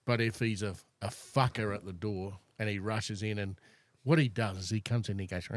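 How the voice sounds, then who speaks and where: A man's voice: lowish voice, fairly even intonation, brisk, no echo. A middle-aged Australian man hosting a casual podcast chat over beers, blunt and swearing freely as he tells stories. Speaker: podcast host.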